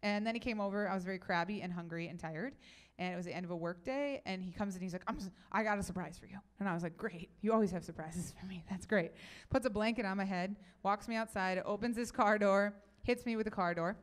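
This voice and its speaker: A young woman giving a talk at a youth event, telling stories in a chatty, animated way and taking audience questions. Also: mid-range voice, fast talker. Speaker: speaker.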